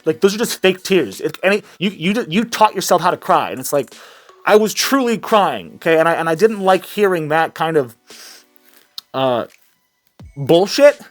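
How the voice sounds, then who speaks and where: A man's voice: high-pitched, expressive, moderate pace, faint music behind. A man giving sarcastic, mocking reaction commentary, rambling with restarts. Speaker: commentary vlogger.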